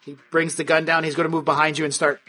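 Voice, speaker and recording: A man's voice: a little high, level tone, fast, pushed and bright, faint music behind. A man narrating a tabletop game as game master, in a crude, vivid way.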